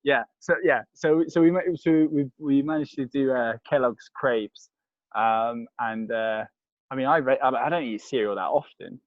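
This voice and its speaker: A man's voice: medium pitch, normal speed, dry recording, dull audio. A man with a London accent, a podcast guest chatting casually, rambling with many restarts and fillers. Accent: London English. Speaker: podcast guest, crisp reviewer. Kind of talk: casual chat.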